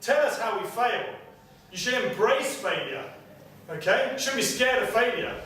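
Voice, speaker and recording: A personal trainer speaks with a fairly high voice, keeps asking his audience "okay?" and drives his points home with energy. He is picked up from across a very echoey room, with a faint hiss underneath. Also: very animated, moderate pace, fairly bright tone. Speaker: personal trainer giving a seminar. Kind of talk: motivational seminar talk. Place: seminar room with clients. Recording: very echoey room, distant mic, faint noise.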